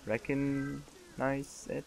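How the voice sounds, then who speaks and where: A man's voice: mid-range voice, level tone, very slow, creaky, a little mellow. A man giving casual, joking gameplay commentary and talking back to the game's characters. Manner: joking, chatty, talks back to game characters. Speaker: let's play gamer.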